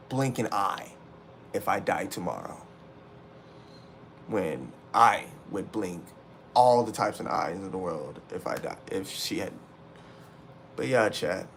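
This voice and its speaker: A man's voice: lowish voice, slight background noise. A young man livestreaming from indoors, venting raw and profane to his chat, upset and frustrated, repeating himself as he rants. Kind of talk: emotional livestream rant to chat.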